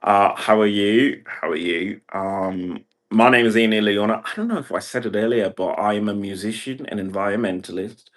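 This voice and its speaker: A man's voice: lowish voice, normal speed, few pauses. A man from Brazil talking in a meandering livestream monologue, packing nearly every phrase with "like" and other fillers. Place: indoor room.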